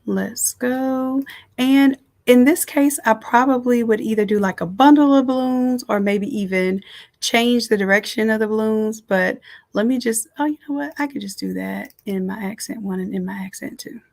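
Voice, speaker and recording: A woman design instructor giving a casual, chatty live software tutorial from home, talking straight to her viewers. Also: a little high, normal speed, gravelly.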